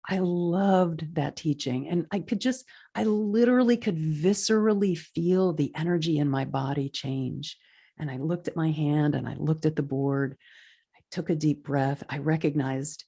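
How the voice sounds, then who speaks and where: Earnest woman podcast host, low voice. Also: unhurried, creaky, slightly rough. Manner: earnest, animated storytelling with lively pitch swings. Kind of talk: inspirational podcast monologue.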